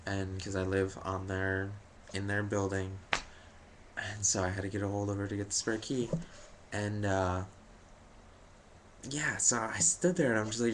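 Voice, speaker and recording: Young man, low voice, casual rambling, jokey, self-deprecating, filler-heavy. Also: fairly even intonation, moderate pace, pauses often, a bit bright, a little hiss or hum. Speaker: vlogger.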